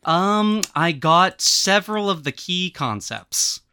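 A woman's voice: fairly low pitch, expressive, slow pace, bright, forceful tone, a little hiss or hum. A woman guest-hosting a podcast in casual chat, playful and teasing. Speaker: guest host.

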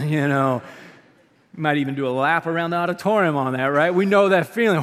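A man preaching a sermon, animated, swinging between loud bursts and hushed lines. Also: a little high, moderate pace. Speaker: pastor. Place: church auditorium. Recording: long reverb of a large auditorium.

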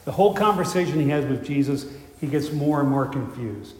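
A man's voice: a little high, animated, brisk, a little mellow. A man preaching a sermon, telling a story in a conversational way, full of fillers and restarts. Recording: echoey hall with faint ambience.

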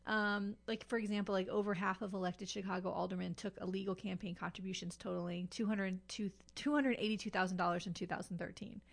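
A woman's voice: mid-range voice, fairly even intonation, fast talker, vocal fry, few pauses. A woman co-hosting a podcast, telling a story in a chatty way with lots of fillers and asides. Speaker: podcast co-host. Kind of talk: casual podcast chat.

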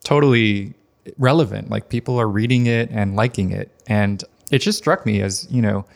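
A man hosts a casual podcast interview, asking curious, friendly questions. His voice is low, with a gravelly fry. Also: normal speed. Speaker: podcast host.

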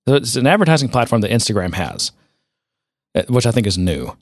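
A man's voice: mid-range voice, very animated, brisk, dry recording, clean studio sound. A man co-hosting a casual tech podcast, rambling and sardonic, with many fillers and restarts. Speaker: podcast co-host.

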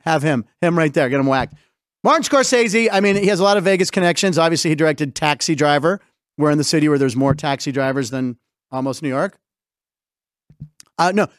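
A middle-aged man hosting a casual comedic sports talk show, rambling through jokes and quick asides. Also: fairly high pitch, dry recording, studio quality. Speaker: host.

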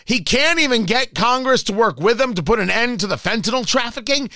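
A man's voice: very high voice, expressive, a little fast, hardly any pauses, sharp tone, no room sound. A man hosting a talk radio show, delivering a combative, sarcastic political monologue.

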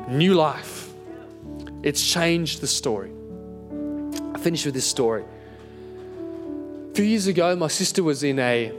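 A young adult man preaching a sermon and telling a personal story in an animated way, laughing at himself as he goes. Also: fairly high pitch.

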